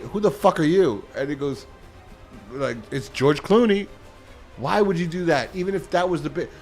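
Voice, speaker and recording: A man giving a casual spoken movie review as a channel host, rambling and profane, getting worked up and incredulous. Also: medium pitch.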